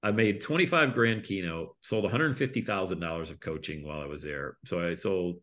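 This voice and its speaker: A middle-aged man telling his story in a casual interview, animated and acting out other people's voices. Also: deep voice, a little fast. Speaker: guest speaker and coach.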